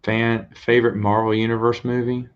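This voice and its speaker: A man's voice: medium pitch, little pitch movement, normal speed, lo-fi sound. A man hosting a casual late-night live stream, chatting with viewers in a rambling, self-deprecating way and laughing often. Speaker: host answering viewers' questions.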